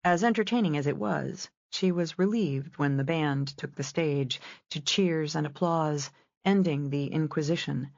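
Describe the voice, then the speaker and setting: A woman narrating a romance audiobook in a measured storytelling style. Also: low-pitched, gravelly, a little mellow, dry recording, muffled recording. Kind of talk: scripted narration.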